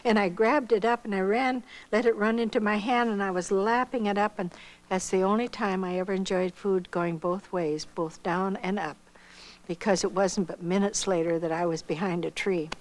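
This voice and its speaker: A woman's voice: mid-range voice, moderate pace, rough recording. An older woman from Iowa, a missionary, recounting her own life story as spoken testimony and acting out what others said. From Iowa, United States. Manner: storytelling, acting out others' lines with lively voices.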